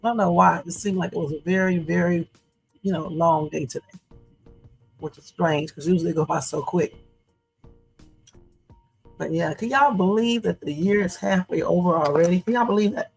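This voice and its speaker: A woman's voice: fairly low pitch, normal speed, gravelly, long pauses, breathy edge. A woman hosting a late-night livestream, talking casually and chatting straight to her viewers as "y'all". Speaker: livestream host. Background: faint music.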